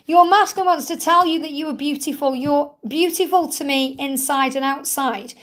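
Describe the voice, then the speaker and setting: A woman hosting a live-stream card reading, gently reassuring viewers as she relays messages. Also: high-pitched.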